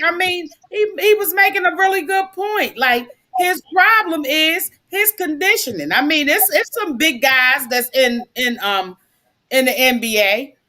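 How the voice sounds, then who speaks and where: A woman's voice: high voice, pushed and bright. A woman on a sports-talk panel, giving frank, opinionated takes on players.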